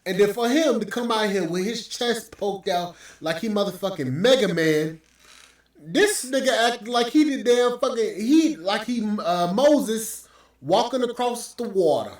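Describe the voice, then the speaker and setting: A man's voice: sits high, animated, a little slow. A man hosting a podcast, ranting with profane, scornful commentary. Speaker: podcast host. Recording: very echoey room, mic at distance.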